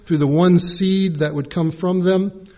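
A man preaching a sermon in a measured, teaching way, pausing to spell out original-language words. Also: high voice, steady tone, warm tone. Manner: measured, spells out Greek and Hebrew words letter by letter.

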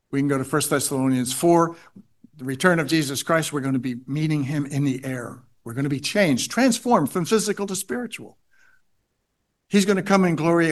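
Guy giving a sermon, voice a bit on the high side, keeps repeating lines to drive them home. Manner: repeats key phrases for emphasis, reads scripture aloud. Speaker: pastor.

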